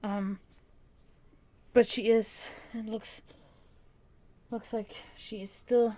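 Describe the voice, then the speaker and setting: A woman doing tarot readings on a casual live stream, who now and then breaks off to softly comfort her cat. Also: medium pitch, fairly even intonation, a little slow, pauses often. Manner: soothing baby talk to her cat, then plain card reading. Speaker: tarot reader and stream host.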